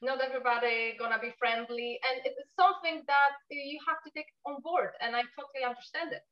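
A woman from Poland with a Polish accent, a native Polish speaker, talking quickly and animatedly in casual conversation as a guest. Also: sits high, roomy sound, lo-fi sound. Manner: fast-talking, animated, non-native grammar.

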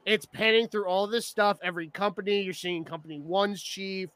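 A young man co-hosting a casual podcast, rambling and animated, often breaking into laughter. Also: high-pitched, moderate pace. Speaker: podcast co-host. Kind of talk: casual chat about an anime.

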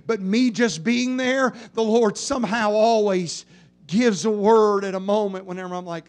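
A male pastor preaching a sermon from a church pulpit, moving between hushed passages and shouted ones. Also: high-pitched, steady tone, moderate pace, clean tone.

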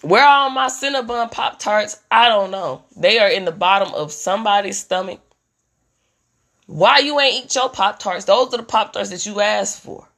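Bright animated woman ranting for laughs. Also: mid-range voice, moderate pace. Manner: animated, profane, swings into mimicked voices. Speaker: comedian ranting about motherhood. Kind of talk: comedic rant.

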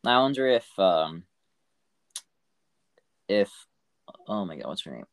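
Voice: low voice, big pitch swings, slow pace, no room sound, clean studio sound. A podcast co-host chatting casually, playful and joking, with frequent giggles. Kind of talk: casual chat.

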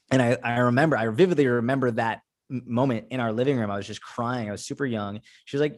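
A man's voice: mid-range voice, fast talker, few pauses, no room sound, clean studio sound. A young man guest talking casually in an interview, telling personal stories with lots of filler words. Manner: casual storytelling, filler-heavy with frequent "like". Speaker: podcast guest, fitness coach.

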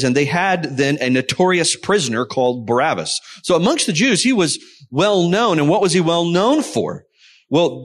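Male pastor, sermon delivery, a touch higher-pitched, teaching tone. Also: a bit bright. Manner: explanatory, reads scripture aloud.

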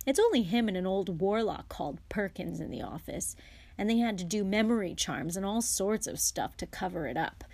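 Woman voicing an excitable teenage wizard boy in an audiobook, mid-pitched, close dry mic. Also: no room sound.

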